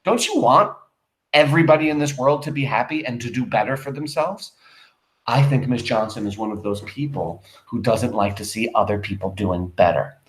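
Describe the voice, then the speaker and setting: A male teacher reading a play aloud and breaking it down for students, emphatic and animated, full of rhetorical questions. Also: medium pitch, moderate pace, echoey room, rough recording.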